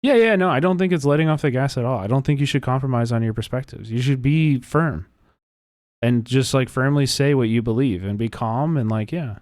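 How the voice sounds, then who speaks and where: A man hosting a livestream, talking casually in an animated, profane, rambling way with many restarts. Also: mid-range voice, fairly quick, no echo, clean studio sound. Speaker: livestream host. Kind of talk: casual reaction chat.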